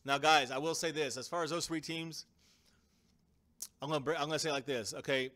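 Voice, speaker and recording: A man hosting a casual live-stream sports chat, energetic and emphatic, often calling out to viewers. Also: a little high, fairly quick. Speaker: fan show host.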